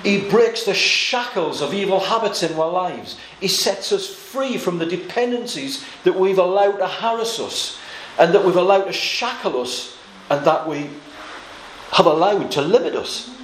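A man preaching a sermon, telling a story with asides and little laughs, and slowing down to stress key words. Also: high voice, animated, echoey room, slight background noise, rough recording.

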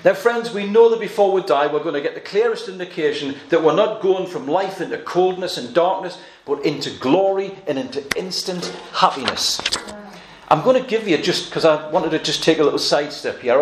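A man preaching a sermon, earnest and emphatic, slowing down to stress quoted verses. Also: fairly high pitch, lively intonation, roomy sound, a little hiss or hum.

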